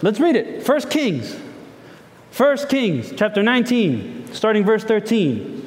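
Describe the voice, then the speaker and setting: A man's voice: sits high, sing-song, takes it slowly, long reverb tail. A male pastor giving a sermon, talking conversationally and asking the listeners lots of rhetorical questions.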